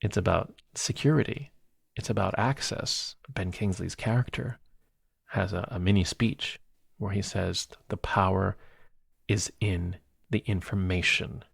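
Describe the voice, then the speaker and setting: A man with a low, gravelly voice talks through a film review in casual podcast chat. He relives scenes with animated energy and laughs easily. The sound is dry and close to the mic. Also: unhurried, no room sound. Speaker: podcast co-host.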